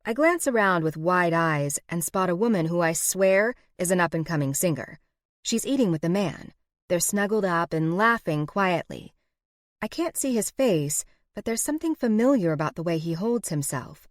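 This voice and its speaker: A woman narrating a first-person romance audiobook in an expressive, wry way, close to the mic. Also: on the low side, moderate pace, dry recording.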